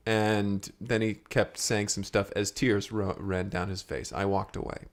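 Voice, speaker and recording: A man co-hosting an improvised comedy podcast, talking in a flustered, apologetic, rambling way that jumps up suddenly in pitch. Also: flat delivery, a little slow, few pauses. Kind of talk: improvised comedy chat in character.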